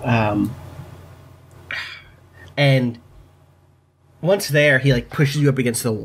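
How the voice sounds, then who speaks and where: A man's voice: medium pitch, slow pace, long pauses, breathy edge. A man narrating a tabletop game as game master in an easygoing, joking way over an online call.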